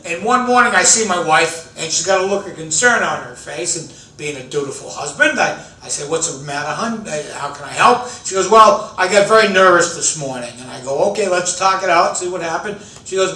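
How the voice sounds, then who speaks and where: A man in his fifties performs stand-up with a bright, high voice, telling self-deprecating stories. He is recorded from some distance in a roomy, echoey hall. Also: fairly quick, few pauses. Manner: self-deprecating, animated storytelling with audience laughter. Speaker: comedian. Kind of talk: stand-up comedy set. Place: large event room with audience. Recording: echoey room from far off.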